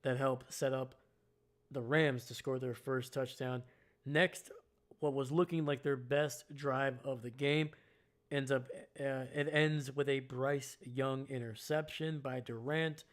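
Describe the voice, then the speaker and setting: A man doing live fan play-by-play and reaction, casual and self-mocking, getting excited on big plays. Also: medium pitch, takes it slowly.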